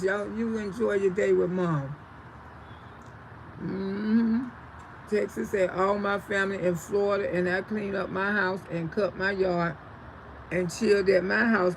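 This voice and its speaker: A woman's voice: mid-range voice, a little hiss or hum, poor audio. A woman hosting a casual livestream outdoors, reading viewer comments aloud and calling people sugar and baby, laughing often. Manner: warm endearments, laughs often, animated. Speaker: livestream host. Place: outdoors under a tree.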